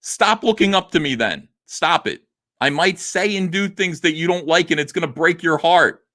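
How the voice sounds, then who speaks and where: A man's voice: on the high side, normal speed, sharp tone. A middle-aged man with a New Jersey accent, hosting a livestream and reacting to a video with sarcastic, heated, defensive commentary.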